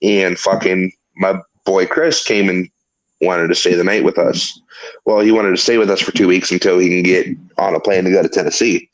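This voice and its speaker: A man's voice: deep voice, steady tone, moderate pace, rough recording. A man hosting a talk show, telling a long story in casual, rambling chat full of swearing. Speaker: podcast host.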